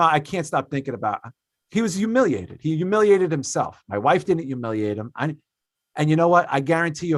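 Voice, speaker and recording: A man in his thirties hosting a podcast, telling a story in an animated, profane way, swinging between loud and quiet. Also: mid-range voice, dry recording. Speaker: podcast host. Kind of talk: casual podcast chat.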